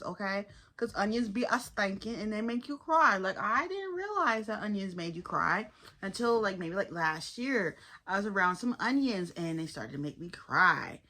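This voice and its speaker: A woman chatting casually to her viewers as she reviews a cartoon episode, lively and informal. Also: medium pitch. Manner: chatty, animated, addresses viewers as y'all. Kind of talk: casual commentary.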